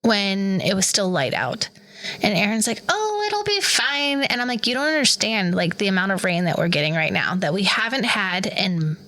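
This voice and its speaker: Bright-voiced woman telling a lively story. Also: mid-range voice, normal speed, rough recording. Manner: animated, lively retelling with quoted voices. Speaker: podcast co-host. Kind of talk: casual storytelling chat.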